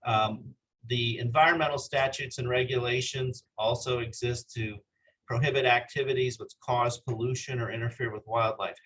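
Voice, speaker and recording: A man's voice: medium pitch, fairly bright tone, slight background noise, poor audio. A man giving an earnest slide lecture for a legal education course, often hesitating and calling for the next slide. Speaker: continuing legal education presenter.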